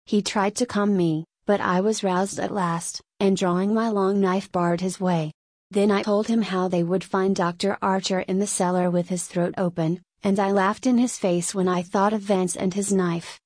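A woman narrating a dark literary tale in the first person, giving a dramatic reading. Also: mid-range voice, steady tone, moderate pace, dry recording. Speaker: audiobook narrator.

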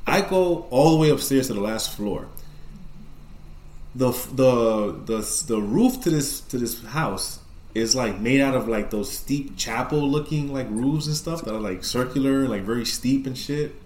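A man's voice: mid-range voice, moderate pace, echoey room. Profane man telling a spooky story. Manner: profane, rambling, animated retelling. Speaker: podcast co-host. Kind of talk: casual storytelling.

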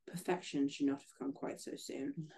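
A podcast host reading aloud as a grave, disapproving gentleman. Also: medium pitch, steady tone, normal speed, natural voice. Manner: grave, dry.

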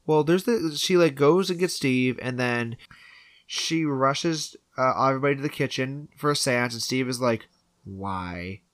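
A man's voice: medium pitch, moderate pace, fairly bright tone, no room sound. A man casually recapping a movie on a podcast, acting out the characters' lines as he retells the scenes. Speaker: podcast co-host. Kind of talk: casual film recap chat.

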